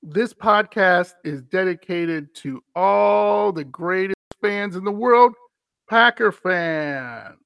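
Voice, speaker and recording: A man's voice: sits high, lively intonation, slow pace, creaky, fairly bright tone, smooth, no echo. A man co-hosting a casual sports podcast, laughing often and answering with short agreeing interjections. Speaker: podcast co-host.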